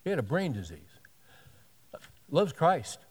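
A man's voice: on the high side, very animated, measured pace, slightly rough, in a large hall. A male pastor telling a story in a sermon, animatedly acting out the dialogue of the people in it.

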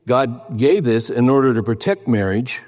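Older male pastor, emphatic storytelling sermon, mid-pitched, long reverb of a large hall. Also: lively intonation, moderate pace, a little mellow. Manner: storytelling, emphatic, acts out quotes in a raised voice.

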